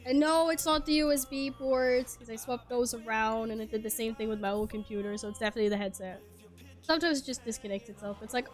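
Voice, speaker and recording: A woman's voice: on the high side, fairly even intonation, fast, soft background music. A woman from Sweden, chatting casually on stream through a headset, swearing and laughing often. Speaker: game streamer.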